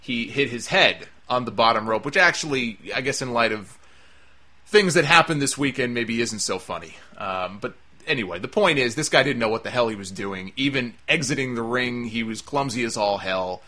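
A man's voice: medium pitch, lively intonation, moderate pace, bright, forceful tone. A man giving a casual, sarcastic review of a wrestling show. He sounds exasperated and swears freely.

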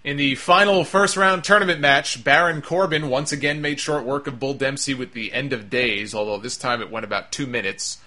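A man's voice: medium pitch, steady tone, normal speed, few pauses, pushed and bright. A man hosting a wrestling podcast, giving a blunt, sarcastic, opinionated recap and swearing freely.

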